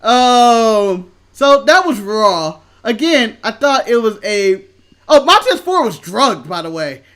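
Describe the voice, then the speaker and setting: A man's voice: high voice, big pitch swings, slow, fairly bright tone. A man co-hosting a casual chat show, laid-back and opinionated, rambling through his takes. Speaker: co-host.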